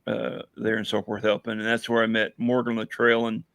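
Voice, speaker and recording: A hoarse man chatting casually on a livestream as a veteran guest, rambling with many fillers and telling jokes. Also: fairly low pitch, monotone, a little fast, fairly bright tone, dry recording. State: hoarse, losing his voice. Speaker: veteran guest running a coffee business.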